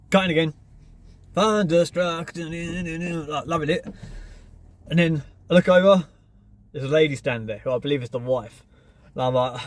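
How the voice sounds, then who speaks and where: A man's voice: a little high, fairly quick, darkish tone, no echo. A man, a gardener, telling a story in a casual, blunt, self-assured way.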